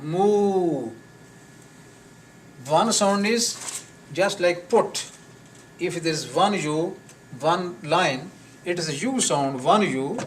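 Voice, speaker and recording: A man teaching a live class on pronunciation, slowly repeating words and sounds for his students. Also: on the high side, fairly bright tone. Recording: distant mic with faint noise.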